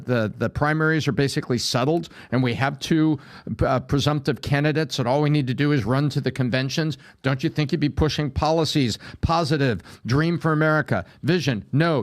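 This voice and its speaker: A man's voice: a little high, brisk. A man on a podcast panel argues with a slightly raised voice. He presses his points emphatically and lifts his voice as he drives them home. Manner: emphatic, builds to forceful points. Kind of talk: casual panel discussion.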